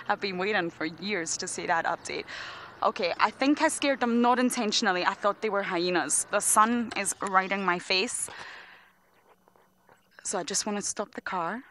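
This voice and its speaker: A woman working as a safari guide, giving animated live commentary from a vehicle outdoors as she spots and calls in wildlife. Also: mid-range voice, normal speed, a little hiss or hum. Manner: animated, spotting and calling in wildlife. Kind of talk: live game drive commentary.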